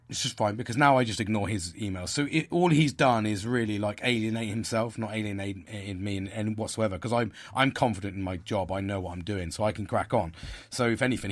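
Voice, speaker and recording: A man hosting a podcast, talking in a rambling, frustrated way with many restarts and fillers. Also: lowish voice. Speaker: podcast host. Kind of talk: casual monologue.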